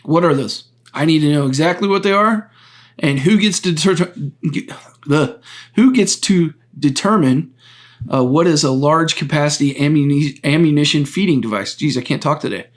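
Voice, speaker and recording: A man hosting his own podcast, talking through a topic on his own in an earnest, deliberate way, often stopping to restart a phrase and explain step by step. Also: a little high. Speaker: podcast host. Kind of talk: solo political commentary.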